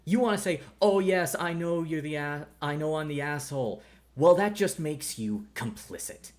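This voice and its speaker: A man's voice: on the high side, big pitch swings, normal speed, darkish tone, voice pushed up. A man voicing a stern veteran male ranger and father who lectures bluntly and swears, in tabletop role-play. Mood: scolding.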